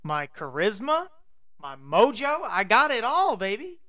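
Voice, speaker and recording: A woman's voice: medium pitch, big pitch swings, measured pace, a bit bright, dry recording. A woman co-hosting a podcast in casual chat, brassy, playful and self-assured, talking into a studio microphone. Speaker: podcast co-host.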